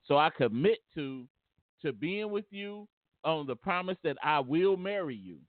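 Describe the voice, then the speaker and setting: A man hosts a casual call-in talk show in a slightly high, expressive voice, stammering and repeating words as he goes. His delivery is halting, and he laughs often. The audio comes over a tinny, phone-like line and is dry, with no room sound.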